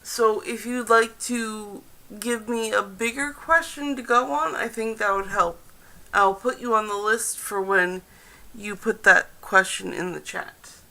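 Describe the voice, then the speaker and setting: A woman's voice: mid-range voice, a little slow, sharp tone, low-quality recording. A woman hosting a live-streamed tarot reading, chatting directly to viewers and to her cards. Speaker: tarot reader and stream host.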